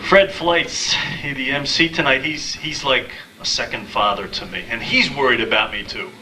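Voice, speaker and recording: A man in his thirties doing a stand-up comedy set, telling dating stories deadpan and acting out the quotes. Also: mid-range voice, normal speed, recorded from a distance, crowd noise, rough recording. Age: 30s. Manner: deadpan storytelling with acted-out quotes. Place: small live comedy venue.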